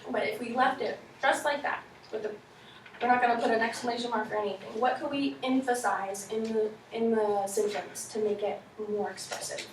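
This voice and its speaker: A woman's voice: fairly high pitch, fairly even intonation, brisk, a little hiss or hum. A woman teacher giving classroom instruction, encouraging and modeling reading aloud for her students. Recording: echoey classroom from far off.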